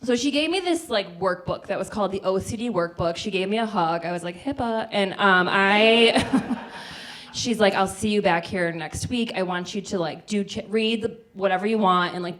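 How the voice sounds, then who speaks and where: A woman's voice: medium pitch, normal speed, fairly bright tone. A woman in her forties from the Midwest, telling a comic personal story on a small theater stage, chatty and full of "like". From American Midwest. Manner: chatty, lots of "like", acts out quoted voices. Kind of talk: live comedic storytelling.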